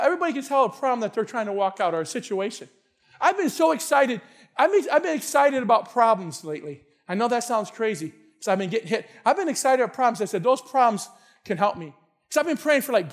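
High-voiced, fired-up man preaching. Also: quick pace. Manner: excitable, shouting at times, repeats words. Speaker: pastor. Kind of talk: sermon. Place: church sanctuary.

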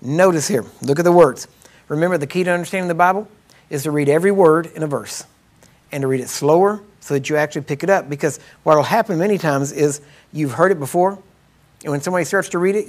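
A middle-aged man teaching a Bible course in a sermon-like way, talking casually and checking in with his listeners, slowing down to stress key words. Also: fairly high pitch. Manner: conversational, checks in with the audience with "right?" and "Amen?"; emphatic, slows down to stress scripture words. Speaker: minister teaching a healing course.

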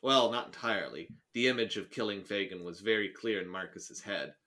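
A man co-hosting a casual podcast chat, animated and sarcastic, laughing and restarting his sentences as he reacts to a story he reads aloud. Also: fairly low pitch, brisk.

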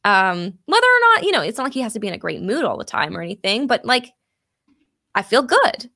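A woman's voice: medium pitch, big pitch swings, fairly quick, sharp tone. A woman chatting candidly on a podcast, swearing freely and leaning on "like". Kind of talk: casual chat.

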